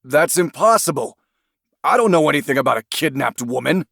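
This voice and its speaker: A man's voice: on the high side, lively intonation, brisk, vocal fry, a bit bright, no room sound, studio quality, pitched above the performer's own voice, heavily acted. A man voicing a frightened young man under arrest, stammering and protesting.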